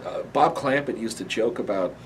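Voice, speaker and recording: Over crowd noise, a man of medium pitch and moderate pace is interviewed about animation. He tells his stories in a lively, casual way, laughing often and briefly acting out cartoon voices.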